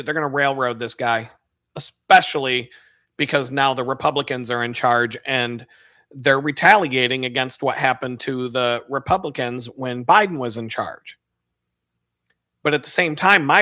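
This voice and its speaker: A man's voice: medium pitch, bright, forceful tone, no echo, studio quality. A man on a live stream, ranting casually in a profane, rambling, mocking way. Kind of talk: casual rant.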